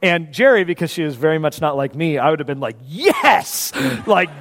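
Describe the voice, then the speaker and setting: A man preaches a sermon in a church hall, his fairly high voice trailing off into a long reverb. He tells stories with energy, acts out the voices in them, and drops to a hush for serious moments. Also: fast. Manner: animated storyteller, acts out voices, swings from loud to hushed. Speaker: pastor. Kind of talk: sermon with personal story.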